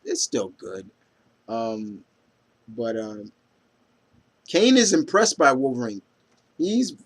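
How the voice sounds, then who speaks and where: Rambling man reviewing comics casually. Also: mid-range voice. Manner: rambling, filler-heavy, stumbles over names; reads out comic quotes with enthusiasm.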